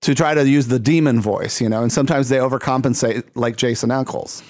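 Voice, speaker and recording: A man's voice: mid-range voice, steady tone, fairly quick, a little mellow, dry recording. A man hosting a casual interview chat, chatty and laughing often, with plenty of fillers. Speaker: host.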